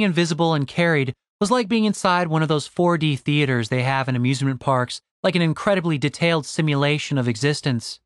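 A man narrating a comic fantasy audiobook with expressive storytelling. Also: a little high, a little fast, hardly any pauses, dry recording, studio quality. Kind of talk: scripted narration.

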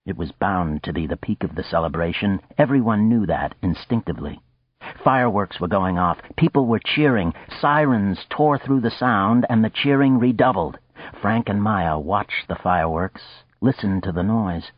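A male audiobook narrator with a low, husky voice who reads in a steady, deliberate way. He is recorded close and dry, and the audio sounds slightly dull and muffled. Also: no room sound. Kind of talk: scripted narration of a novel.

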